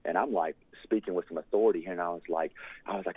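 Deep husky man on a tinny line. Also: fast talker, no echo. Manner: earnest, fervent, with many "you know" fillers. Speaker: guest telling a ministry testimony. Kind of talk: storytelling testimony. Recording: dry, tinny phone-like line.

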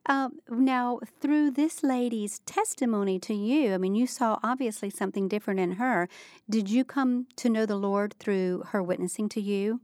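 A woman's voice: a little high, moderate pace, a little mellow, dry recording, clean studio sound. A woman interviewing a guest, prompting her story with encouraging recap questions. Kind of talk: conversational interview.

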